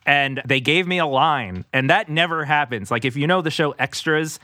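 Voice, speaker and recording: A man's voice: fairly high pitch, normal speed, sharp tone, no echo. A man in his forties, co-hosting a podcast, telling a rambling story in casual chat and laughing often. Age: 40s. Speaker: podcast co-host.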